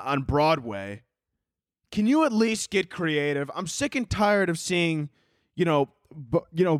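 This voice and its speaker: A young man with a fairly high voice hosts a podcast, recorded dry with clean studio sound. His casual comedic monologue rambles, swears freely, and often sets him laughing at his own jokes.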